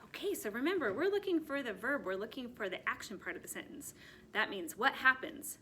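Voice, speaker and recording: A woman teaching a first grade lesson, speaking slowly and clearly in an encouraging teacher's manner. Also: on the high side, expressive, sharp tone, a little hiss or hum. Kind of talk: recorded classroom lesson.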